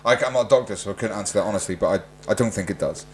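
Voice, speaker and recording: A man co-hosting a podcast, pushing back sceptically with quick questions in casual chat. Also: fairly low pitch, soft background music. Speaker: podcast co-host.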